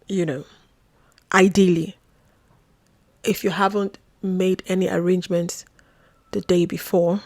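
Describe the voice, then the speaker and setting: A young adult woman vlogging, telling a personal story in a chatty, wry way, with asides and quick bits of mimicry. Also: fairly low pitch, flat delivery, darkish tone, no room sound. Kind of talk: casual storytelling to camera.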